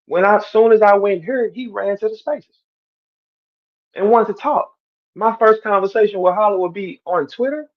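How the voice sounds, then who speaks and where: A man speaking to his stream audience in a heated, animated monologue, repeating himself and swinging between loud outbursts and quiet asides. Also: high voice, normal speed, muffled recording. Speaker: battle rapper on a stream.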